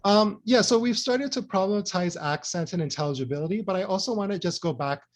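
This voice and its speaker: A man's voice: high-pitched, quick pace. A man giving an academic presentation, earnest and loose, with many fillers and frequent "right?" checks. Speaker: speaker presenting a talk.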